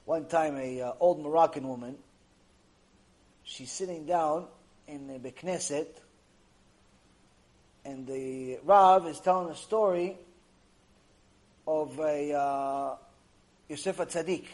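A rabbi giving a Torah lecture speaks slowly in a voice on the high side, pausing often, on a low-quality recording. He tells stories animatedly, repeats himself frequently, and acts out the people in them.

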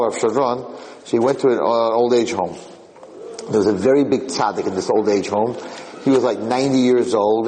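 A man's voice: on the low side, in a large hall, poor audio. A man teaching an informal Torah class as a rabbi, telling stories animatedly and repeating himself. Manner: animated storyteller, repeats and restarts phrases.

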